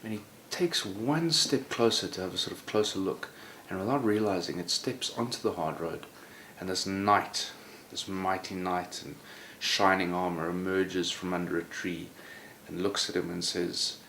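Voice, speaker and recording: A man tells a story in a relaxed, conversational manner, peppering it with "sort of." His voice is low. The recording has a roomy echo and faint background noise. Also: moderate pace, hardly any pauses. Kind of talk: oral storytelling.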